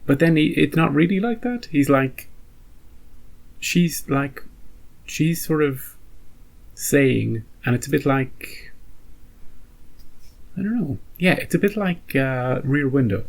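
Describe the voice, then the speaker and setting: A man hosting a reaction video, rambling and joking with animated outbursts in casual commentary. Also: on the high side, slow, creaky, pauses often.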